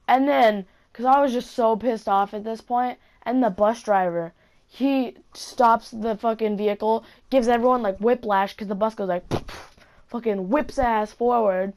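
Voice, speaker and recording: A woman's voice: fairly high pitch, fairly even intonation, normal speed, darkish tone. A woman vlogger telling a story to camera in a casual, rambling way, swearing constantly. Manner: heavy swearing, rambling asides.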